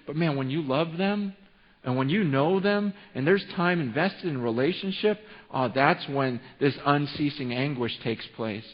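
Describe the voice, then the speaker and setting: A man's voice: a little high, lively intonation, measured pace. A man around forty from California, preaching a sermon as a pastor, telling an emotional story full of restarts. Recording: reverberant hall, dull sound.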